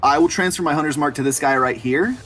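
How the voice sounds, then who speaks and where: A man's voice: a little high, quick pace, a bit bright. A man with a headset, a player in an online tabletop game, eagerly describing his character's attacks in vivid detail.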